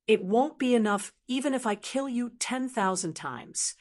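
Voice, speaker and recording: A woman's voice: a little high, animated, normal speed, a little mellow, lightly acted. A woman voicing a cold, arrogant male sect master who sneers and threatens. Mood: contemptuous.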